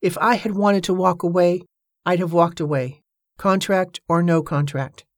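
A woman's voice: lowish voice, fairly even intonation, normal speed, dry recording, studio quality, lightly acted. A woman reading the part of an ambitious young woman who speaks firmly and earnestly. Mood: determined. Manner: firm, earnest.

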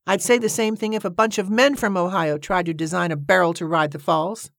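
A curmudgeonly Scottish man grumbling his objections, as a woman narrator voices him. The voice stays close to her own low, even reading tone, with only an edge of exasperation. It is dry and close-miked. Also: a little fast, gravelly, dry recording. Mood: grumbling, exasperated. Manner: grumbling, obstinate. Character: grumpy stubborn Scottish man. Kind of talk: audiobook character reading.

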